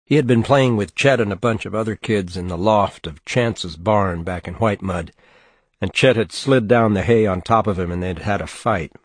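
A man narrating a novel in a measured, steady audiobook reading on a close mic. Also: lowish voice, slightly rough, no echo. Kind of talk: scripted narration.

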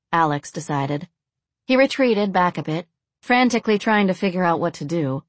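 Here a low-voiced woman recounts something dark at a normal speed, calm and level throughout. It's a close, dry recording with no ambience.

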